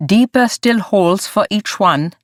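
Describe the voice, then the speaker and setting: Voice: medium pitch, moderate pace, dry recording, clean studio sound, lightly acted. A narrator voicing a slight, nervous male crew boss with stiff, formal, accented English. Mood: commanding.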